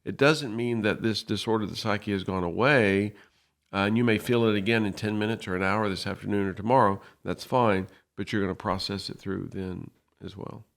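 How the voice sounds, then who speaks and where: Podcast co-host, male, low-ish voice, earnest explainer who slips into quoted dialogue. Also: steady tone, brisk, gravelly, fairly bright tone. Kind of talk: casual podcast discussion.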